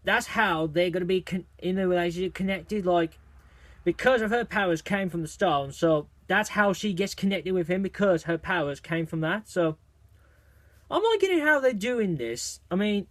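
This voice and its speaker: Excitable high-voiced man rambling. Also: normal speed, dry recording. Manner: excitable and rambling, with many restarts and fillers. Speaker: fan reviewing movie trailers. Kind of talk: casual video review.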